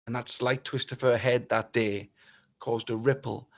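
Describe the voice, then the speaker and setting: Animated storytelling male keynote speaker. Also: medium pitch, a little slow. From northeast England. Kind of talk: motivational storytelling talk.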